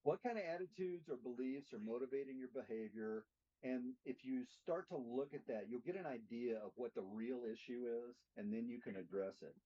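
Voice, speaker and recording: A man's voice: mid-range voice, normal speed, warm tone, husky. A middle-aged man teaching a church class in a plainspoken way, putting questions to the group. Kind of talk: interactive teaching talk. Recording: dull lo-fi recording.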